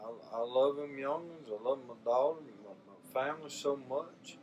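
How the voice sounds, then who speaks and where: A man's voice: mid-range voice, moderate pace, lo-fi sound, a little hiss or hum. An older man with a Southern US accent talking casually and from the heart to his viewers in a folksy, rambling way, often repeating his words. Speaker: vlogger. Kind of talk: casual heartfelt talk to camera.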